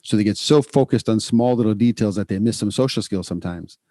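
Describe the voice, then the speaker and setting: A man hosting a podcast, explaining child behavior training in a casual, animated way and acting out what parents and kids say. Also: lowish voice, fast talker, dry recording, clean studio sound. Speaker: podcast host, clinician.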